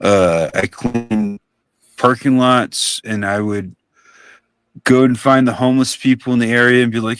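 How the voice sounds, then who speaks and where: A man's voice: medium pitch, fairly even intonation, moderate pace, fairly bright tone, dry recording. A young man chatting casually on a live stream, telling rambling stories and swearing offhandedly. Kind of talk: casual storytelling chat.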